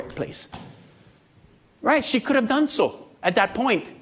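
A man's voice: extremely high pitch, very animated, slow pace, long pauses, breathy edge. A man in his fifties preaching a sermon, talking conversationally, joking and asking the congregation questions. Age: 50s. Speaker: pastor.

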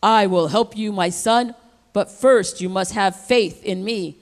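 A woman voicing the booming, majestic male voice of God, speaking slowly and commandingly in a joke told during a sermon. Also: big-room sound, close to an everyday voice. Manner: slow, commanding.

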